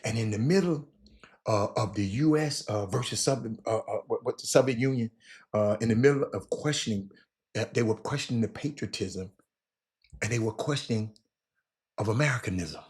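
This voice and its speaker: A man hosting a casual history talk, animated, stumbling and repeating words as he addresses his listeners directly. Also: fairly low pitch, normal speed. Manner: animated, repeats words, talks to audience as y'all. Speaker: host.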